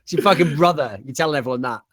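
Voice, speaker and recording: A young man co-hosting a podcast, roasting people in profane, rapid-fire banter. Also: a little high, a bit bright, dry recording. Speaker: podcast co-host.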